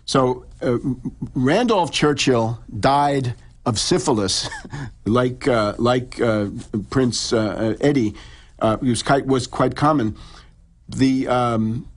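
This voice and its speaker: A man explaining history at length in conversation, with frequent restarts and fillers. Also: mid-range voice. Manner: long halting explanations with many restarts. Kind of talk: lecturing conversation.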